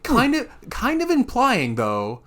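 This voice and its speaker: A man's voice: very high voice, takes it slowly. A teenage boy co-hosting a podcast in casual chat, jokey and often quoting people in put-on voices. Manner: animated, jokey, quotes others in voices. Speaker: podcast co-host.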